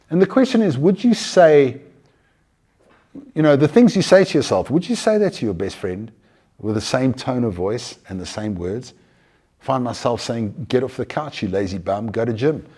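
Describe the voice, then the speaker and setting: A man giving an earnest, conversational talk on mindfulness, animated and often restarting his sentences. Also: medium pitch, slightly rough. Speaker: mindfulness speaker.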